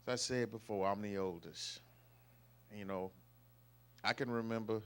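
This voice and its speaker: A middle-aged man giving an emotional, storytelling tribute to his father at a family celebration, with loud folksy bursts. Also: lowish voice, steady tone, normal speed, pauses often. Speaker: eldest son giving a birthday tribute. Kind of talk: heartfelt family speech. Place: live family celebration event.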